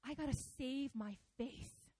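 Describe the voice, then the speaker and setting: A woman's voice: sits high, slow, mellow, no room sound. A woman preacher voicing a boastful, desperate ancient king who pleads for honor. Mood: pleading. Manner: pleading, self-important.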